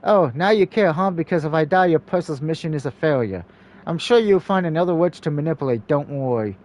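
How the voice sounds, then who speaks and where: A bitter, exhausted young witch held prisoner, voiced by a man reading a game aloud. Her voice sits a little high and her words come out angry and broken. It is a game read-through with put-on voices. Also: expressive, a little fast, darkish tone, natural voice. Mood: bitter, despairing.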